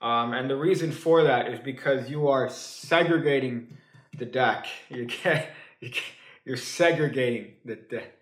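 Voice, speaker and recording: Showing how a card trick works, a joking male magician speaks in a medium-pitched voice that stumbles with fillers and restarts. His dry humor comes through in offhand asides, and the sound is roomy.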